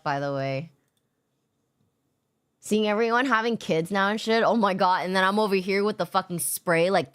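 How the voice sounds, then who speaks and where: A woman's voice: lowish voice, clear, resonant tone. Young woman streamer just chatting, swears a ton, laughs easy, chill vibe. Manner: laid-back, swears a lot, laughs often. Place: home streaming setup.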